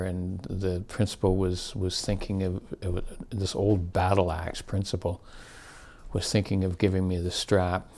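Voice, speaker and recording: Older guy, low gravelly voice, rambly storytelling, keeps fixing his words. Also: a little mellow. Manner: rambling, self-correcting, chuckling. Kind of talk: casual reminiscence.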